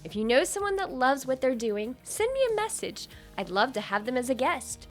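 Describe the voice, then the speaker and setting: A fairly high-voiced woman hosts a podcast interview with bright enthusiasm. She sounds eager and cheerful and laughs easily with her guest. She keeps the talk warm and flowing. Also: big pitch swings, moderate pace, soft background music. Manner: upbeat and enthusiastic, laughs often. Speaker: podcast host.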